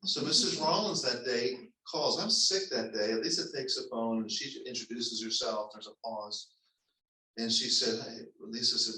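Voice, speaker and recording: A man who is a pastor, telling a personal story to his congregation in a conversational, halting way with restarts. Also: mid-range voice, pushed and bright. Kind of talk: storytelling sermon. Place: church sanctuary. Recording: echoey church hall, mic at a distance.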